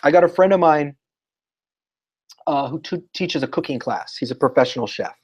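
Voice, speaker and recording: A man talking as a guest educator in a casual interview, telling lively stories and acting out what people said. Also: on the high side, moderate pace, breathy edge, low-quality recording. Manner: animated storyteller, acts out quotes.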